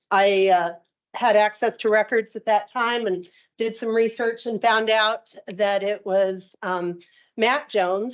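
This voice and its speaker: Woman telling a story at a meeting, lo-fi. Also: medium pitch. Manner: conversational, with frequent fillers. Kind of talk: casual talk at a meeting. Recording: dull lo-fi room recording.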